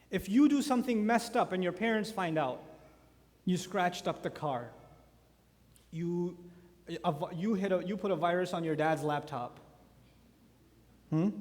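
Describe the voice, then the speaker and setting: A man in his thirties giving an animated sermon at a youth conference, full of rhetorical questions. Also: high-pitched. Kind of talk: lecture sermon. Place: large conference hall. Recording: hall reverb from a conference hall.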